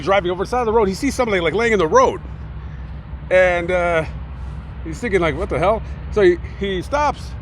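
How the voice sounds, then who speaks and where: High-voiced man telling a crime story. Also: slight background noise. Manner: rambling, acts out quotes in animated voices. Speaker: YouTube storyteller. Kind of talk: casual true-crime storytelling.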